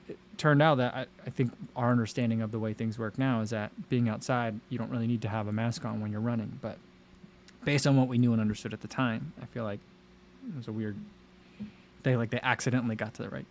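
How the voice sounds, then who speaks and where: A man's voice: medium pitch, fairly even intonation, brisk, a little hiss or hum. A man hosting a casual livestream and talking to his chat, rambling with many fillers and restarts. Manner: chatty and rambling, many fillers and self-interruptions. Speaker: livestream host reading chat.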